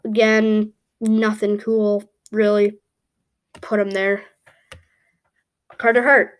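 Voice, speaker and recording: A woman's voice: medium pitch, little pitch movement, slow pace, smooth. Woman, mid-range voice, offhand thinking-aloud commentator, lots of "um"s. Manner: rambling and thinking aloud, with frequent "um" and self-corrections. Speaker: YouTube creator ranking hockey goalies. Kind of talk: casual commentary while building a tier list.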